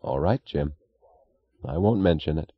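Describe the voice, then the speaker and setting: A man's voice: low voice, animated, brisk, no room sound, muffled recording. A man reading an audiobook voices an earnest, worried young railroad assistant who speaks urgently and plainly. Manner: urgent, pleading, plain-spoken.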